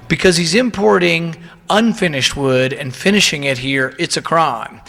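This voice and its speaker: A man's voice: fairly high pitch, vocal fry, a bit bright, in a large hall. A man giving an indignant, emphatic public speech and telling stories of ordinary people.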